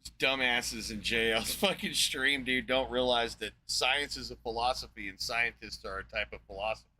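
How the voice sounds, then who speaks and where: A sharp, bright-toned man at mid pitch tears into what he is watching, swearing constantly and spitting contempt. He talks as a live-stream host, heated and mocking, building into a scornful rant. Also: normal speed, slight background noise, low-quality recording. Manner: ranting, profane, scornful. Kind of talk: heated reaction commentary.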